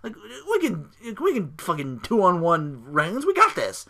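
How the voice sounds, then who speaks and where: A man putting on the voice of a brash male wrestler who barks orders at his henchmen, with a bossy, yelling delivery. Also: on the high side, wildly swooping pitch, measured pace, voice pushed up, full character voice. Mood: angry.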